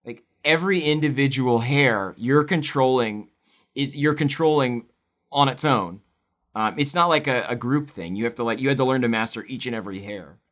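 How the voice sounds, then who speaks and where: A man's voice: medium pitch, moderate pace, fairly bright tone. A young man co-hosting, chatting casually and playfully while drawing, laughing often. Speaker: co-host.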